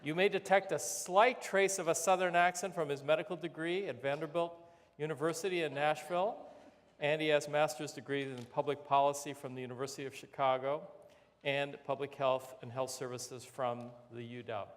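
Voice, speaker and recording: A man's voice: fairly high pitch, steady tone, moderate pace. A man introducing the next speaker at a public lecture, friendly and informal with some hesitation. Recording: lecture hall reverb.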